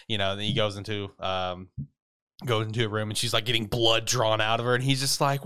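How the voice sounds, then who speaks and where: A man's voice: on the low side, flat delivery, fast talker, pushed and bright, smooth. A man co-hosting a podcast, recapping an anime episode in casual, rambling chat, swearing freely and laughing often.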